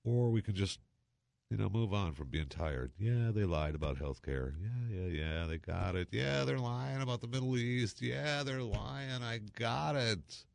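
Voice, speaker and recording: A man's voice: fairly low pitch, lively intonation, a little slow, creaky, darkish tone, no room sound. A man hosting a casual talk monologue, chatty and sarcastic, full of exclamations and asides. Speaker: talk show host.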